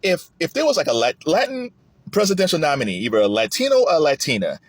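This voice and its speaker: Animated man with a husky voice. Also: fast talker, no room sound. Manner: animated, rising high when emphatic, with frequent restarts. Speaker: commentary vlogger. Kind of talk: political commentary monologue.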